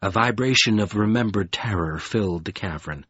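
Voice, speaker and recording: A man narrating a fantasy audiobook in an expressive, dramatic reading. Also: lowish voice, normal speed, hardly any pauses, husky, no echo, dull audio.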